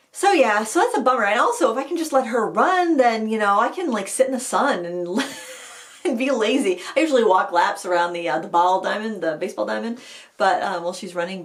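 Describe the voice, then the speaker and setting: A woman hosting a casual live chat, telling rambling stories full of fillers and restarts. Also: mid-range voice. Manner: chatty storytelling with many fillers and restarts. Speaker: host of an art channel live chat.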